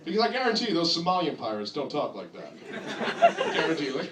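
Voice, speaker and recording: A man's voice: fairly high pitch, huge pitch swings, normal speed, long pauses, far from the mic, very noisy. A young man from New Jersey with a New Jersey accent doing a crude, sarcastic stand-up comedy set, jumping into mock voices. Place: comedy club with a laughing audience. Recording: echoey club recorded from afar, crowd laughter.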